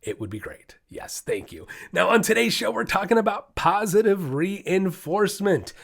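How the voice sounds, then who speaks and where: A man's voice: high-pitched, very animated, normal speed, gravelly, fairly bright tone. A man hosting his own dog training podcast, talking solo in an emphatic, fired-up way that often slides into ranting.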